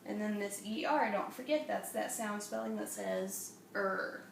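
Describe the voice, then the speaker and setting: A woman teaching an early reading lesson to young children, with a slow, patient and encouraging classroom tone. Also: medium pitch, fairly even intonation, gravelly. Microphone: camera a few steps away. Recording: echoey room from a distance, faint hum.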